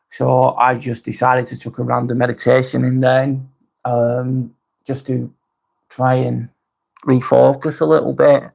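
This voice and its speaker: A man hosting a casual live stream, talking softly and unhurriedly, apologising often and reading out viewer comments. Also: medium pitch, creaky. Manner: soft, unhurried, apologetic, with frequent ums and restarts.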